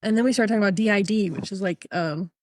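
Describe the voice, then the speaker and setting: A young woman co-hosting a podcast in casual chat, giggly and animated, acting out what people said. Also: mid-range voice, quick pace, dry recording. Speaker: podcast co-host.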